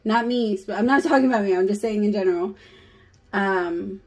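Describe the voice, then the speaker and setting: A woman's voice: mid-range voice, normal speed, rough recording. A woman doing a casual tarot reading for her viewers, talking straight to them in a candid way and swearing freely. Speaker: tarot reader.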